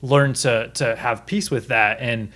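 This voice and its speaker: Thirties male podcast host, earnest and rambling, average pitch, casual film talk. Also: fairly even intonation, measured pace, fairly bright tone. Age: 30s. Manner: rambling, many restarts and fillers, earnest. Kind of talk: casual review chat.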